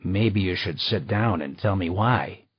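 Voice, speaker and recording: A man's voice: deep voice, lively intonation, unhurried, slightly rough, dry recording, exaggerated voice. A man voicing a guarded, terse male detective in an audiobook reading. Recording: slightly dull dry recording.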